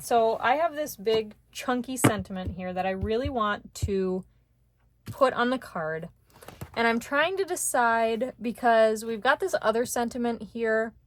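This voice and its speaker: A woman teaching card making in a casual, chatty way, thinking aloud as she works and getting excited over small wins. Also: on the high side, slight background noise. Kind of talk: casual craft tutorial chat.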